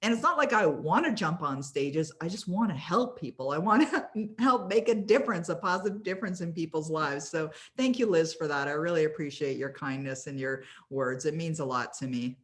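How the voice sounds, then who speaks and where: A woman's voice: deep voice, lively intonation, fairly quick, few pauses. A woman being honoured, telling stories in a casual way on a video call and laughing often. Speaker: author and coach being honoured.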